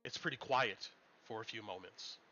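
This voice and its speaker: A man narrating a tabletop game as game master, in a relaxed storytelling manner with frequent ums. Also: on the low side, normal speed, slight background noise. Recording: muffled lo-fi stream audio.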